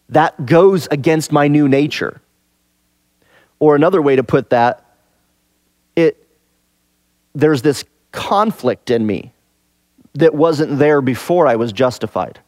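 A man's voice: fairly high pitch, slow pace, long pauses, a little mellow, no echo, studio quality. A man teaching verse by verse through a scripture passage in a conversational way, asking rhetorical questions and repeating key phrases for emphasis. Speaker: Bible teacher.

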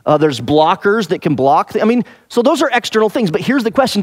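A man's voice: high-pitched, sing-song, fairly quick, dry recording, studio quality. A man teaching verse by verse through a scripture passage in a conversational way, asking rhetorical questions and repeating key phrases for emphasis. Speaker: Bible teacher.

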